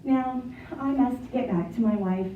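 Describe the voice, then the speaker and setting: A woman's voice: fairly high pitch, measured pace, a little hiss or hum, lightly acted. A woman voicing a kind old woodcutter. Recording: echoey, distant, dull, piano behind.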